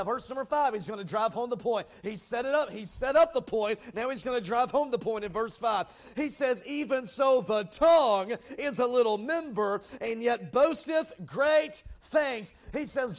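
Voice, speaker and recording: A man preaching a sermon as a visiting evangelist, swinging from loud, emphatic peaks down to hushed, low passages. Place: church sanctuary.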